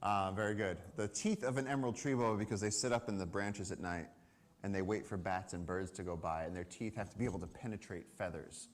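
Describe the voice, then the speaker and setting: A man giving a storytelling talk about wildlife on a summit stage to a live audience, animated and acting out the people he quotes. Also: deep voice, a little fast. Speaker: conservation speaker.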